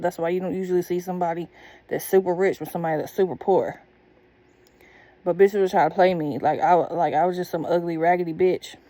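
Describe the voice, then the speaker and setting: Blunt woman, mellow low voice. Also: dry recording. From Southern United States. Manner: blunt, profane, candid. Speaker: storyteller. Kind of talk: casual storytime monologue.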